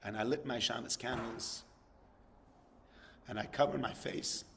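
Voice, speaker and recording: A man's voice: mid-range voice, measured pace, vocal fry, noisy background. Impassioned man telling a teaching story. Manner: storytelling, rising to impassioned emphasis. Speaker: rabbi giving a talk. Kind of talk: sermon.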